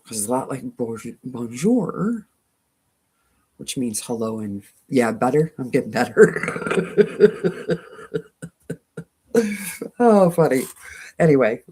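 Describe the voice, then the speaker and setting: A woman's voice: rumbling low, warm tone. A woman with a twangy voice hosting a quilting channel, chatting casually with viewers, self-mocking and laughing often. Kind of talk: casual live chat, reading viewer comments.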